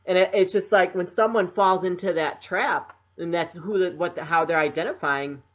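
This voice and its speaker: A podcast host chatting casually, lively and quick to agree. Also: medium pitch. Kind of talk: casual interview chat.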